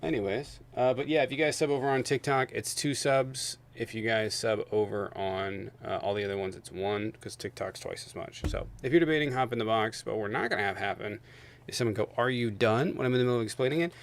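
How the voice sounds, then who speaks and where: A man's voice: fairly low pitch, fast talker. Angry swearing male streamer. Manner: angry, profane ranting; loud bursts while venting. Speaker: livestream host. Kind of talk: heated political debate stream.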